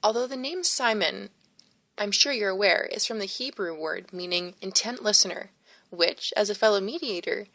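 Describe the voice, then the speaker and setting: A woman voicing a kindly, modest male priest who talks gently and a little formally in an audiobook. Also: mid-range voice, moderate pace, vocal fry. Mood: earnest. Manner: gentle, earnest, slightly formal.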